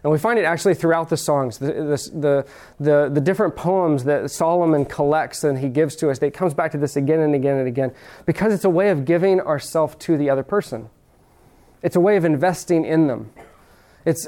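A man with a fairly high voice delivers a sermon. He talks to the congregation like a conversation, throws questions at them, and slows right down on the words he wants to stress. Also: darkish tone. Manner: conversational preaching, direct questions to the audience; slows down to stress key phrases. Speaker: pastor.

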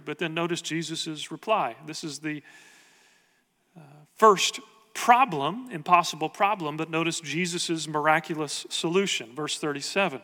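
A man's voice: fairly high pitch, normal speed, bright, forceful tone, big-room sound. A man preaching a sermon as pastor, earnest and conversational, asking the congregation rhetorical questions.

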